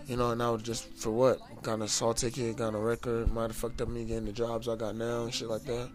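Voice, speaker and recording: A man's voice: medium pitch, fast. A young man from the United States recounts a tense run-in in a loose, profane, fired-up way. His voice sits in an ordinary middle register. Faint music plays behind him. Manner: profane, heated, animated retelling. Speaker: storyteller. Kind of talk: casual storytelling to camera.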